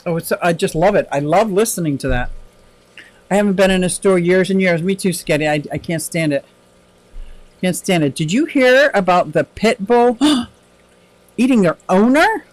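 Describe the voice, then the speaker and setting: A man's voice: high-pitched, animated, normal speed, dry recording, rough recording. A man hosting a casual aquarium livestream, chatting and rambling as he reads viewer comments and laughs often.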